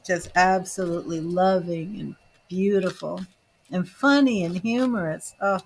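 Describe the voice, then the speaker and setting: A woman's voice: fairly low pitch, a little hiss or hum. A woman giving live tarot readings, chatting to viewers, reading their questions and turning cards, emotional and chatty. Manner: slow, chatty, emotional, talks to viewers by name. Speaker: tarot reader and psychic.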